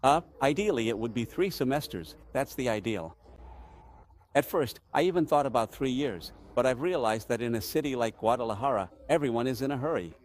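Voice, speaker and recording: A parish priest speaks to his people in a voice of ordinary male pitch. He is earnest and emphatic, and he often poses questions and then answers them himself. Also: darkish tone, a little hiss or hum. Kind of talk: teaching talk to parishioners.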